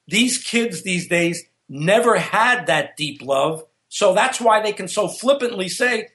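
A man's voice: high voice, animated, unhurried, few pauses, fairly bright tone. A middle-aged man, a relationship coach guest on a radio show, talking in an opinionated, preachy way. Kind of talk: casual radio chat.

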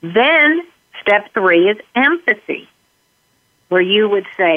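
A woman guest explaining parenting steps calmly, acting out sample lines she would say to a child. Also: medium pitch, slow pace, pauses often, no room sound. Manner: calm, explains in numbered steps, acts out sample dialogue. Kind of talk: interview answers. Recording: tinny phone-line sound.

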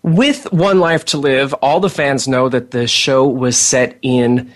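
A man's voice: medium pitch, takes it slowly. Chatty male radio interviewer. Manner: chatty, long winding questions. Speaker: interviewer host.

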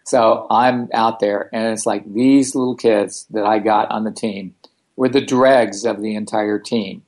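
A man telling stories in a relaxed interview, blunt and animated, with a casual, profane way of talking. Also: lowish voice, unhurried. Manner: blunt, animated, swears freely. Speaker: guest, founder of a self-help organization. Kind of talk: casual storytelling in conversation.

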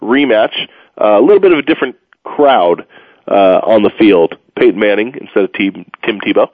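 A man's voice: fairly low pitch, lively intonation, moderate pace, dry recording. A man hosting a casual sports talk radio show, rambling and joking with plenty of fillers, tired from moving. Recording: phone-like, dry radio audio.

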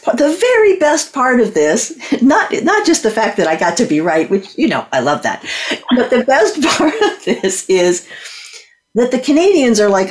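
Lively woman telling an animated story. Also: fairly high pitch. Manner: lively, acts out voices in her story. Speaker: guest storyteller. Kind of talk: animated anecdote on a talk show.

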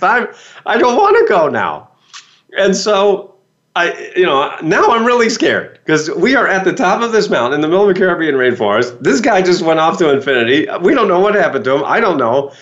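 A man's voice: sits high, fairly bright tone, highs cut off. A man, a motivational speaker, telling a story in a podcast talk and acting out his own frightened reactions.

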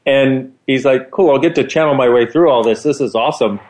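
A man's voice: medium pitch, brisk, a little mellow. A man co-hosting a casual conversation, eagerly explaining and retelling stories. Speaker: co-host.

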